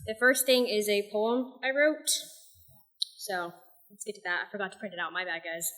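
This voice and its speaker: A young woman reading her own poetry and a novel excerpt aloud at an open mic night, soft-spoken and a little self-deprecating between pieces. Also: mid-range voice, steady tone, normal speed.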